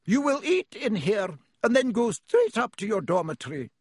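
A man's voice: high voice, sing-song, moderate pace, slightly rough, no echo, clean studio sound, voice pushed up, full character voice. A man reading an audiobook, voicing a stern, strict older female professor with clipped, commanding speech.

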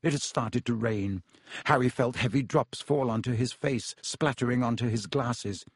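A man reads a story aloud in a steady, measured narration. His voice has a husky texture at a middling pitch. The sound is dry and close, with no room around it. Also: no echo. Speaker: audiobook narrator. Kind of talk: scripted narration.

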